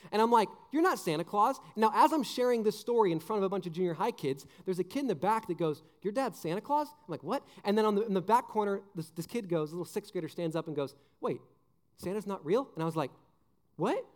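A young man, a junior high pastor, giving a joking youth sermon full of stories, restarts and "like". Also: fast talker, hardly any pauses, in a large hall. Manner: animated, joking, many restarts and "like".

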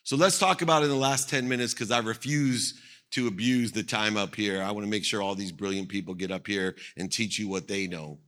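A man's voice: on the low side, brisk, a bit bright. Emphatic man giving a motivational keynote. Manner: emphatic, repeats phrases for effect. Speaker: motivational speaker. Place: on stage at an event.

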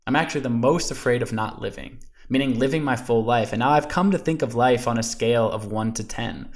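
A man speaking as a guest on a podcast, his voice sitting in an ordinary middle pitch. He tells stories from his own life in an earnest, animated, conversational way. He often fills his sentences with "you know" and "like.". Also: brisk. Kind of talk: conversational storytelling interview.

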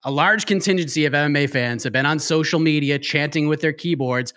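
A man's voice: fairly high pitch, lively intonation, a little fast, hardly any pauses, fairly bright tone. A man who created the show, now on its panel, trash-talking with mock-fight hype and then giving emphatic fight analysis. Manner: brash, emphatic, repeats for effect.

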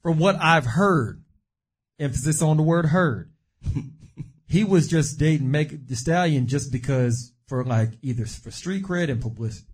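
A man's voice: on the high side, moderate pace, warm tone, breathy edge. A man co-hosting a casual chat, rambling with lots of fillers and digressions. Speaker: podcast co-host.

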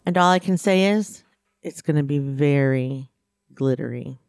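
A woman co-hosting a podcast in casual chat, talking in a chatty, teasing way with quick asides. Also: deep voice. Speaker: podcast co-host.

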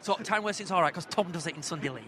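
Sarcastic high-voiced young fan. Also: male voice, very fast. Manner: teasing, dry sarcasm. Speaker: football fan vlogger. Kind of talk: live matchday commentary and banter. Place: football stadium stands, outdoors. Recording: noisy outdoor stadium.

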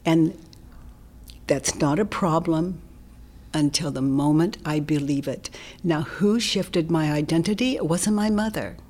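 A woman guest in an interview, explaining her ideas in a gentle, reflective way that often drops into a soft whisper. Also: low-pitched, measured pace. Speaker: interview guest, self-inquiry teacher.

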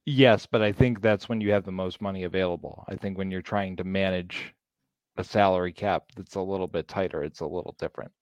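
A man with a deep, steady voice co-hosts a football podcast and also works as its producer, chatting casually. He is emphatic, opinionated and quick to laugh, and the recording has no echo but the highs are cut off.

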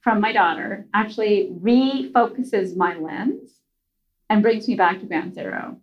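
A woman's voice: mid-range voice, measured pace, lo-fi sound, soft background music. A middle-aged woman guest on a podcast, telling a story in a chatty, conversational way with many fillers. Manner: chatty, frequent fillers and restarts.

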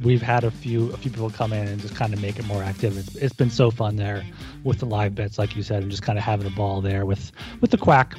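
A man's voice: mid-range voice, darkish tone. A man co-hosting a hockey betting podcast, easygoing and upbeat in casual chat. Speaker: podcast co-host.

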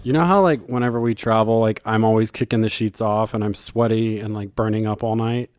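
A man's voice: on the low side, steady tone, brisk, a little mellow, soft background music. A man co-hosting a podcast, reading ads in a playful, teasing banter. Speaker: podcast co-host. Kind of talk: playful ad read.

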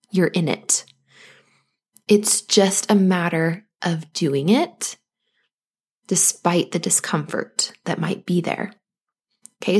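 A woman with a medium-pitched voice hosts a podcast as a postpartum coach. She speaks gently and reassuringly to listeners, acting out anxious thoughts in quick asides.

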